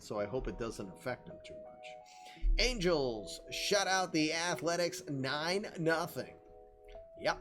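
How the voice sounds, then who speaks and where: Tired man recapping league scores. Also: medium pitch. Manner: chatty, laughs at own jokes, yawns and sighs. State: tired, yawning. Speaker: host reading online league baseball results. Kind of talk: casual game recap commentary.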